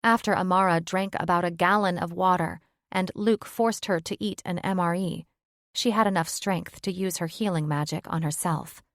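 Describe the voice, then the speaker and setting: A woman giving steady, scripted narration of a fantasy romance audiobook. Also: fairly low pitch, normal speed, no room sound, clean studio sound.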